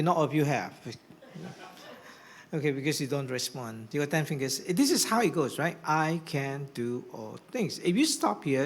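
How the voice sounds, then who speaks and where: A man preaching a sermon as pastor, swinging from hushed whispers to rousing shouts. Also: a little high, husky. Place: church hall.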